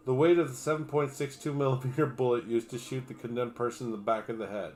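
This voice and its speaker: A man reads a long article aloud on a livestream, in a voice of ordinary middle pitch. He trips over hard names and cuts in with profane, sarcastic comments between passages. A faint hiss sits under the voice. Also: fast talker, hardly any pauses, a little mellow. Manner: reads steadily, breaks off for crude, sarcastic asides; stumbles over names and words.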